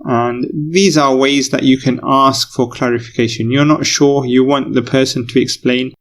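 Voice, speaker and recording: Gravelly-voiced man teaching patiently. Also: medium pitch, steady tone, normal speed, a bit bright. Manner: patient, repeats key phrases. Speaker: English teacher. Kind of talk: recorded lesson explanation.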